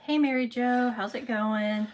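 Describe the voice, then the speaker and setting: A woman's voice: a little high, unhurried. A woman co-hosting a casual livestream who has a sore throat. Her voice is congested and nasal with little inflection, and she greets viewers by name and reads their comments aloud. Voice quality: nasal, flat delivery. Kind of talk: casual live-stream chat.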